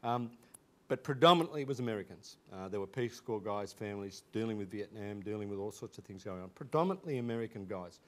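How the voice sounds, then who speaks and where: A man's voice: fairly low pitch, expressive, fast talker. An Australian man in his fifties, animatedly recalling school days with laughter and frequent restarts. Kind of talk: casual anecdotal storytelling.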